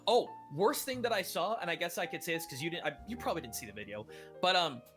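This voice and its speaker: A man guest on a stream, telling a travel story in a measured, dry-humored way. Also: high voice, lively intonation, pushed and bright, soft background music. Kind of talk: casual chat, storytelling.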